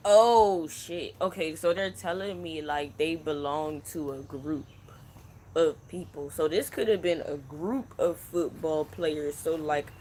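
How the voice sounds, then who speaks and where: Man in his 20s, psychic reader, hushed halting delivery, crickets in background. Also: a little high, slight background noise. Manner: slow, hushed, halting and emotional. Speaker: psychic channel host. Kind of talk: spiritual reading, unscripted. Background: crickets and insects.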